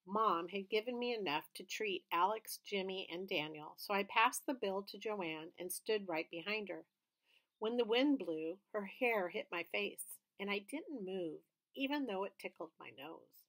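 A woman's voice: medium pitch, lively intonation, unhurried, fairly bright tone. A woman reading a children's book aloud, narrating steadily and expressively. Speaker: storybook reader.

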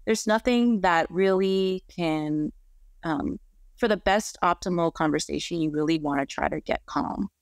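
A woman's voice: fairly low pitch, measured pace, smooth, dry recording, studio quality. A woman therapist explaining things earnestly in an interview, often checking in with "right?". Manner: frequent "right?" tag questions, earnest and explanatory. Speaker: marriage and family therapist, guest. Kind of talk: conversational interview.

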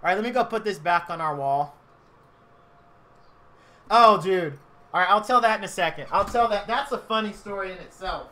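A man in his thirties spins a chatty, rambling story for his stream viewers. His voice sits a little high and rings bright and forceful. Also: moderate pace, long pauses. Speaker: game streamer. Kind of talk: casual storytelling on a live stream.

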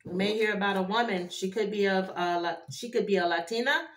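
A woman doing a casual tarot card reading for her viewers, animated and chatty, with frequent exclamations. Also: medium pitch, brisk, a little hiss or hum. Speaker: tarot reader. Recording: echoey room.

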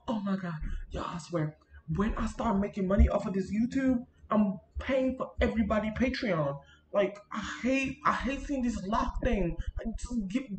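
A woman chatting casually to her viewers while she sets up a video, rambling and animated, recorded at home on a built-in computer mic. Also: mid-range voice, a little slow, roomy sound, slight background noise. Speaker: gaming YouTuber. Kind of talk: casual chatty vlog narration. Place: home room near a busy street.

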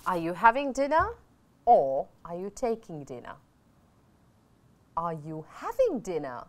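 A woman's voice: on the low side, big pitch swings, measured pace. A middle-aged woman with a Sri Lankan accent teaching English on a TV lesson, drilling phrases over and over and switching into Sinhala.

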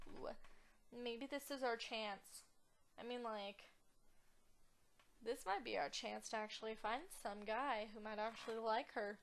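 Chatty woman gamer, higher voice. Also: measured pace. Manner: chatty, exaggerated outraged reactions and giggles. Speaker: gaming channel host. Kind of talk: casual let's-play commentary.

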